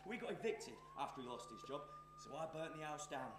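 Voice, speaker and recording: A man's voice: fairly high pitch, sing-song, brisk, reverberant, background noise. A man playing a taunting arsonist villain. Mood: menacing, taunting. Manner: taunting, sneering. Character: menacing scheming male arsonist, mocking and cruel. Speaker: stage actor. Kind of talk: stage play performance.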